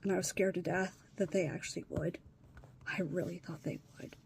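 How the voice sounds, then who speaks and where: A woman's voice: on the low side, steady tone, normal speed, gravelly, background noise. A woman talking to her phone on a hard day, upset, sighing and swearing, often dropping to a whisper. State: distressed. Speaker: vlogger. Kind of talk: emotional personal vlog.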